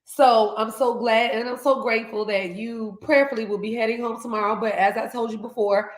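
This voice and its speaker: A woman hosting a live stream, telling a story in casual chat, animated and laughing as she acts out the voices in it. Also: fairly high pitch, brisk, reverberant, rough recording. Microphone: video call.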